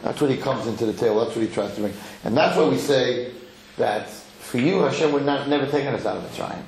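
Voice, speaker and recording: A man giving a lively Torah lecture as a rabbi, acting out quotes and repeating himself as he talks. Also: medium pitch, fast talker. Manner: animated, acts out quotes, repeats words. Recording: echoey hall with faint noise.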